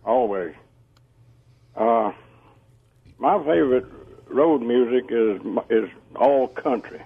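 Gravelly caller on a phone line. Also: male voice, mid-range voice, expressive, slow pace, a little hiss or hum. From Georgia, US. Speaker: radio caller. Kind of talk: casual call-in radio chat.

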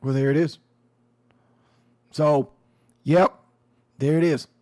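A man's voice: fairly high pitch, steady tone, slow. A man giving casual commentary on a news story, talking to his audience in a conversational, emphatic and sometimes sarcastic way. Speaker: commentary host.

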